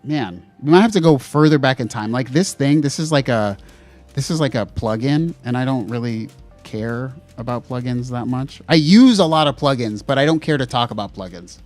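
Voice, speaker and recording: A man's voice: medium pitch, lively intonation, moderate pace, a little mellow, soft background music. A man co-hosting a gear podcast livestream in a casual chat, rambling with lots of fillers and self-deprecating asides. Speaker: podcast co-host.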